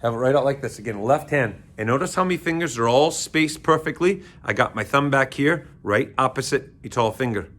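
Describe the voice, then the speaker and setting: A man in a school orchestra room walks children through a string lesson. He talks in a playful, coaching way, with sing-song call-and-response chants and goofy jokes. His voice sits at an ordinary middle pitch. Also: expressive, fairly quick, hardly any pauses, a bit bright.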